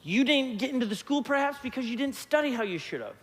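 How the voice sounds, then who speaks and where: A middle-aged male pastor preaching a lively sermon, acting out quotes as he tells stories. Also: high-pitched, fast talker, hardly any pauses. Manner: animated storyteller, acts out quotes. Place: church hall. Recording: long church hall reverb.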